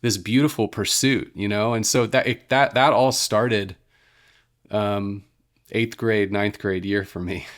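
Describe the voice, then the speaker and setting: A man's voice: lowish voice, fairly even intonation, unhurried. Earnest man telling his faith story. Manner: earnest, warm, filled with "you know" and restarts. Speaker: worship leader and guest. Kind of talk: casual storytelling interview.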